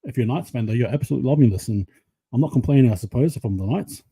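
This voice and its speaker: A mid-range voice with a breathy edge races along very fast as a man gives viewers casual, excitable play-by-play of a rugby league match. He's a live reaction commentator on his own channel, and he keeps it chatty.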